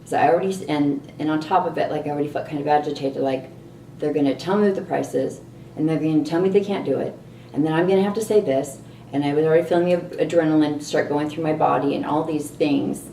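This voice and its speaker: A middle-aged woman vlogging a candid personal story, animated and exasperated at times. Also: low voice, fast talker, gravelly, slight background noise. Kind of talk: personal reflective monologue. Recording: roomy echo, distant mic, faint ambience.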